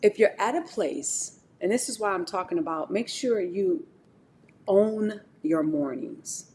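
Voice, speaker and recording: A middle-aged woman talking on a live stream, giving an animated, preachy motivational talk about faith and speaking straight to her chat. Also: medium pitch, a little slow, slight background noise.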